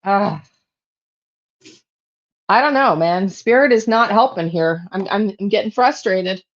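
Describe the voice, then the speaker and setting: A woman's voice: medium pitch, measured pace, muffled recording. A woman hosting a true crime channel, talking to herself while she pulls tarot cards and repeats her questions to spirit.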